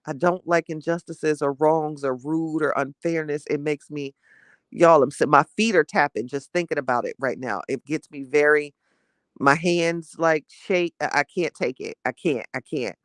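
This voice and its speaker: A woman hosting a casual morning livestream, chatting with her viewers and reading their messages. She gets heated and animated fast and laughs between her rants. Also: sits low, dry recording, clean studio sound. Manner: chatty, talks straight to the audience.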